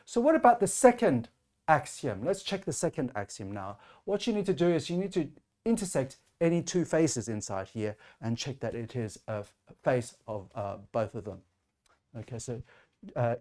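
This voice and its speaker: A man's voice: fairly high pitch, sing-song, normal speed, warm tone. Man explaining a math lecture. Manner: explanatory, frequent "uh" and "okay".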